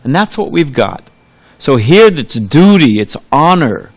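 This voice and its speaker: A man's voice: on the high side, big pitch swings, a little slow. A man giving a sermon in a temple, talking in a loose conversational way, trailing off into asides and restarting his sentences. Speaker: preacher. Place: temple hall.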